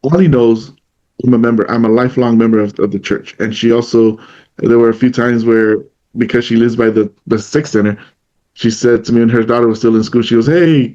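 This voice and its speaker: A man's voice: mid-range voice, mellow, muffled recording. A man co-hosting a casual talk podcast, telling long personal stories and acting out what his friends said. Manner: storytelling, retells what others said in their voice. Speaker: podcast co-host. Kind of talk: casual conversation.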